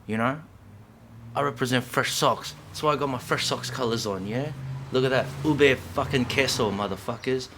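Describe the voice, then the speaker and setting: A man's voice: medium pitch, normal speed, a bit bright. Middle-aged man, mid-range voice, fired-up profane monologue, faint room hum behind. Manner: profane, slangy, heated, keeps checking in with "yeah?". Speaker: vlogger. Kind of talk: impassioned unscripted monologue.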